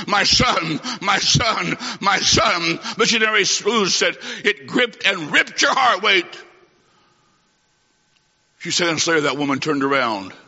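High, bright-voiced preacher in a hall. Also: male voice. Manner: emphatic, swings from loud to hushed. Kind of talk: fiery sermon. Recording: dull lo-fi sound in a reverberant hall.

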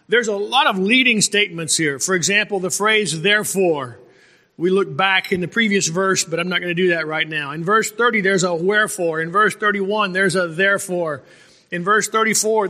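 A male pastor delivers a sermon in a high, bright, forceful voice, pausing for amens and stretching out the words he wants to stress. His voice rings with a long reverb from the church hall around him. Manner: preaching with calls of amen and slow emphatic stresses.

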